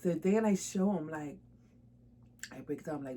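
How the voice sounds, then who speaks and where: Woman, lowish voice, casual vlog chat, laughs a lot, slangy, faint hiss. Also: normal speed, pauses often, dark tone, rough recording. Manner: chatty, laughs often, informal slang. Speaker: doll collector vlogger.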